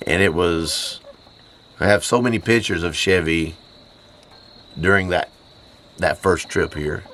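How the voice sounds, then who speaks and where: A heartbroken man speaks in a very deep, hoarse voice, choked up and halting. He pauses and repeats himself. Faint crickets hum behind him outdoors on a mountain farm. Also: a bit bright. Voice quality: hoarse, voice lower than usual. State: choked up from grief. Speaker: homestead channel host. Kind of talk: grieving personal vlog.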